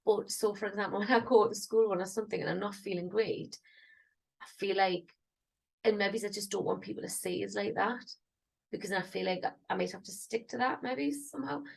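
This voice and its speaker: A woman's voice: mid-range voice, a little fast, creaky, poor audio. A woman, rambling and thinking aloud in a casual vlog. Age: 30s. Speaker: singer vlogging.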